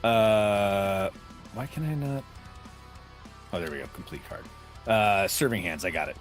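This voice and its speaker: A man's voice: lowish voice, a little slow, faint music behind. A man playing a tabletop game over a voice call, hesitant and humming while he works out his moves. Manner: hesitant, hums while thinking. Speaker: player. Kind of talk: casual tabletop game play.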